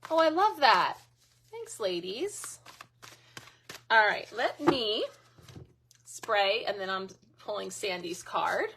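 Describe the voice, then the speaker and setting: A woman's voice: medium pitch, lively intonation, slow, long pauses, fairly bright tone, a little hiss or hum. A middle-aged woman hosting a live card reading, chatting casually and thanking viewers by name. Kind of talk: casual live-stream chat.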